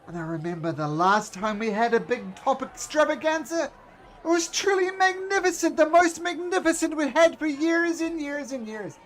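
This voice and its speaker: A man's voice: very high-pitched, moderate pace, a bit bright, a faint crowd, voice pushed up. A man voicing a flamboyant circus ringmaster who announces in a grand showman manner. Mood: boastful. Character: flamboyant male circus ringmaster, showy and booming.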